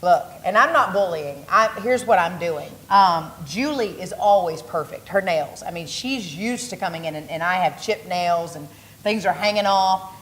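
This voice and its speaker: A woman's voice: lowish voice, expressive, moderate pace. A woman co-hosting a local TV talk show, playful and chatty, jumping from topic to topic in easy banter. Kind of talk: casual chat.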